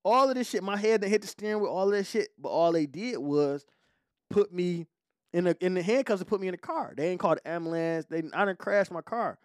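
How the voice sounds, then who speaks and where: A man hosting a podcast, telling a story in a casual, profane, animated way. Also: sits high, fairly quick, dry recording, studio quality. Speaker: podcast host.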